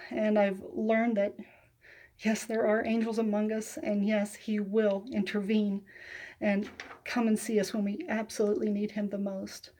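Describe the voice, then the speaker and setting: Woman telling her faith story to viewers, soft and heartfelt, lots of little pauses, kinda close to tears, mid pitch. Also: flat delivery, a little hiss or hum. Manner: soft-spoken and heartfelt, with frequent hesitations. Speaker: faith vlogger. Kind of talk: personal testimony to viewers.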